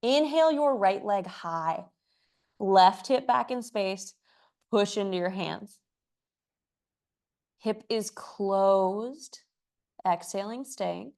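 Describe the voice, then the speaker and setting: A woman teaching a yoga class, calling poses in time with the breath and slipping in chatty asides; she is out of breath from moving. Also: mid-range voice. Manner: breath-paced cues, chatty asides with light laughs. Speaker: yoga instructor. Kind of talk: cueing a live yoga class.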